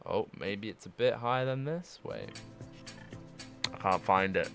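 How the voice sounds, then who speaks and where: A man's voice: lowish voice, animated, measured pace, gravelly, a bit bright, soft background music. A young man in his twenties chatting casually on a gaming stream, rambling, swearing and laughing as he talks.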